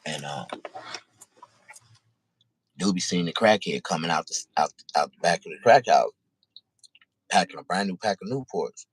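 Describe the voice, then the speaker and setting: Deep husky-voiced man telling a story. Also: animated, no echo. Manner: profane, halting, repeats himself. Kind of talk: casual spoken storytelling.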